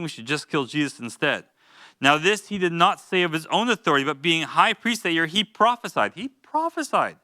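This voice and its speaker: A man's voice: on the high side, bright, forceful tone, no echo, clean studio sound. A man teaching a Bible study in a church, reading scripture and urging listeners with earnest, informal asides. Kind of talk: expository Bible teaching with exhortation.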